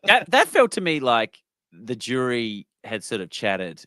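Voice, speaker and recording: A man's voice: mid-range voice, wildly swooping pitch, unhurried, pushed and bright. A man, a guest who openly breaks down the game's strategy in casual chat. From Australia. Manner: candid, explains strategy plainly. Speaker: guest, former contestant.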